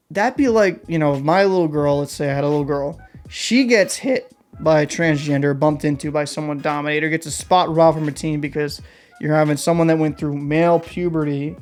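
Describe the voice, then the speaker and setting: A young man hosting an opinion vlog, talking in a blunt, heated and combative way. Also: a little high. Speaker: vlog host. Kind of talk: opinion commentary rant.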